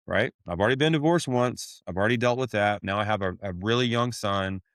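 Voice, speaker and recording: Blunt man with a low, dry voice. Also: brisk, few pauses, fairly bright tone, dry recording. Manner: blunt, swears casually, drawls "y'all" and "man". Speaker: podcast host sharing his testimony. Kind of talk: candid conversational storytelling.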